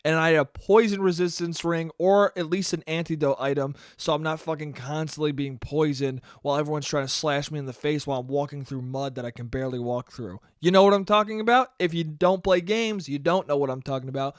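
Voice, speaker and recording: A man's voice: fairly high pitch, brisk, hardly any pauses, clear, resonant tone, no room sound, studio quality. A young man ranting casually and profanely on his own podcast, rambling and joking. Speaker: podcast host. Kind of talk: solo casual podcast rant.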